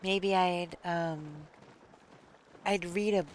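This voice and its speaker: A woman streamer chatting casually, reading chat aloud and thinking out loud. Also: on the low side, steady tone, very slow, slight background noise.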